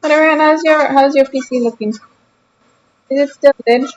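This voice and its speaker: High-voiced young woman bantering on stream. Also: steady tone, normal speed, no room sound, dull audio. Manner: teasing, bantering, mock-indignant. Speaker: game streamer. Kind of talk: casual live-stream chat with viewers.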